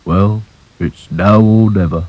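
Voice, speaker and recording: A man's voice: on the low side, steady tone, slow, a little mellow, no echo, low-quality recording. A man voicing a gloomy, clumsy male rag doll in a storybook cartoon, with a glum, sighing manner. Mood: stubborn.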